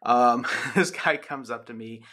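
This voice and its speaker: A man's voice: medium pitch, unhurried, sharp tone. A man lecturing on sociology in a loose, chatty way, with many ums and restarts. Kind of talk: recorded lecture with personal anecdote.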